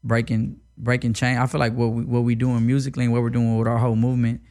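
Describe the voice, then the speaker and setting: A man's voice: mid-range voice, monotone, fast talker, a little mellow. A young man from Texas, a rapper being interviewed, talking in a laid-back, slangy way with lots of fillers. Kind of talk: casual interview talk.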